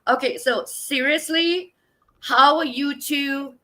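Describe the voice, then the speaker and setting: A woman's voice: high-pitched, slow pace, bright, forceful tone, low-quality recording. A woman hosting a live online book show, talking in an upbeat, earnest, emphatic way over a video call.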